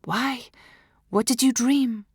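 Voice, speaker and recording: A woman reading the lines of a calm, protective mother who soothes her frightened grown daughter with gentle questions, in an audiobook. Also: fairly high pitch, slow pace, husky, no room sound, studio quality, voice pushed up. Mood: soothing.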